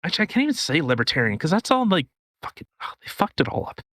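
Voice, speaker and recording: A man from Canada holds forth on a casual podcast, his voice bright and slightly high for a man. He talks in a restless, profane ramble full of restarts. The sound is dry and close. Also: very animated, fast, no room sound. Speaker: podcast co-host. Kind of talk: casual political rant.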